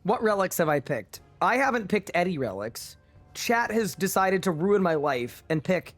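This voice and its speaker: A man's voice: high voice, big pitch swings, moderate pace, a bit bright, faint music behind. A man streaming a game live, bantering with his chat in a playful, incredulous way. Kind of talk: casual livestream chat with viewers.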